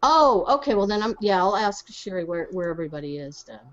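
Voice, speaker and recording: A woman's voice: mid-range voice, very animated, fairly quick, highs cut off. A woman playing a tabletop game, hesitant and often restarting her sentences. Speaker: player. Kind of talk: casual tabletop play.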